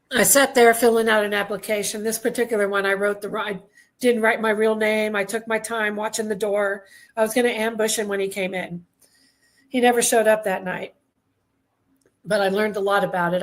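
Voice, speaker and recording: Woman veteran as interview guest, mid-pitched, candid and halting, clears throat often. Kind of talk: personal testimony in conversation.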